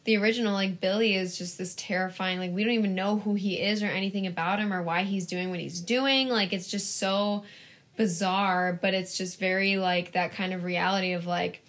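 A woman's voice: mid-range voice, normal speed. A young woman co-hosting a podcast, chatting casually and rambling through a film retelling with lots of fillers. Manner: rambling, heavy use of "like", animated retelling. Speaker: podcast co-host. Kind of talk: casual chat.

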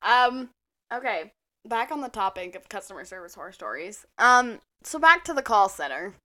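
A woman's voice: medium pitch, sing-song, moderate pace, sharp tone. A young woman co-hosting a podcast in casual chat, rambling, chatty and swearing now and then. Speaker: podcast co-host.

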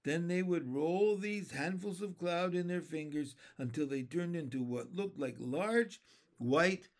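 A man reading a children's novel aloud, deliberate and expressive. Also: a little high. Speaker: storyteller.

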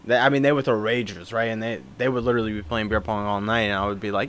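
A man's voice: mid-range voice, fast, few pauses, fairly bright tone. Man in his twenties rambling casually. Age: 20s. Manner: rambling, filler-heavy storytelling. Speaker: podcast co-host. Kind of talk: casual chat.

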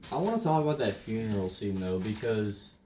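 Man, lowish voice, casual rambling movie chat, echoey room, distant mic, faint hiss. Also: warm tone. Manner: rambling, trails off and restarts. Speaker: podcast co-host.

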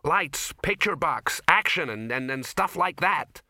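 A man voicing an impatient young woman who snaps orders loudly in an audiobook. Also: a little high, animated, unhurried, no echo, studio quality, pitched above the performer's own voice, heavily acted. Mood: shouting. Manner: loud, snappy. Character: bossy young actress, sharp and impatient.

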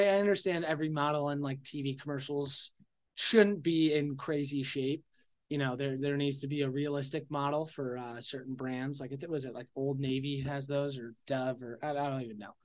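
A man's voice: fairly high pitch, a little mellow. A young man hosting his own podcast, ranting bluntly in a casual, rambling monologue full of swearing and fillers. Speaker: podcast host.

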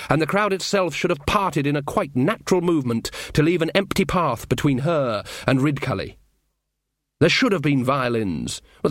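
A man narrating an audiobook in a wry, expressive manner. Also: mid-range voice, no room sound, studio quality.

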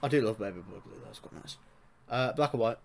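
A young man hosting a podcast in casual chat, loud, swearing and laughing often. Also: mid-range voice, quick pace, slight background noise. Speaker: podcast host.

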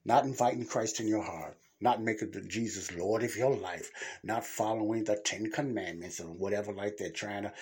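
Casting: a male host with a low, husky voice who preaches bluntly in a casual monologue. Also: normal speed, a little mellow. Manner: blunt, preachy, plain-spoken. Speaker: podcast host. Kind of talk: casual Christian teaching monologue.

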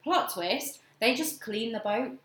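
A young woman casually telling a story on a chat show, animated and laughing often. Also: fairly high pitch, measured pace. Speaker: podcast co-host. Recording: echoey room.

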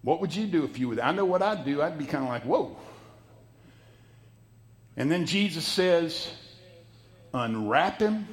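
Male pastor, folksy sermon delivery, higher-pitched voice, dramatic loud-soft swings. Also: animated, a little slow, pauses often. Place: church sanctuary.

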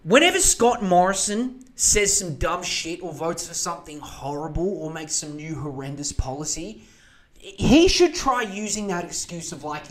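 A man, hosting a podcast and ranting casually about politics in a lively, profane, mocking way. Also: high-pitched, moderate pace. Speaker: podcast host.

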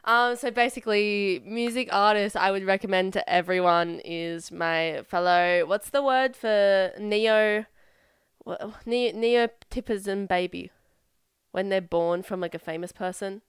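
A woman's voice: medium pitch, steady tone, unhurried, smooth, no echo, studio quality. A young woman with a nasal, stuffy voice from a cold, co-hosting a podcast in casual, giggly, rambling chat. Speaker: podcast co-host. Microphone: headphones and podcast mic.

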